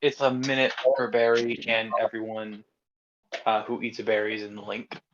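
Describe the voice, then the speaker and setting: A man's voice: lowish voice, flat delivery, moderate pace, muffled recording, background noise. A man playing a tabletop game on a call, talking in a plain, matter-of-fact way. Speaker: player. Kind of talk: casual tabletop game chat.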